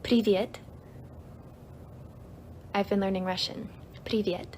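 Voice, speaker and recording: A woman's voice: mid-range voice, steady tone, slow, darkish tone, slight background noise. A young woman hosting a casual livestream, chatty and giggly, reading out viewer comments while she teaches a few easy phrases. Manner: giggly, chatty, lots of fillers; reads comments aloud. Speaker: livestream host.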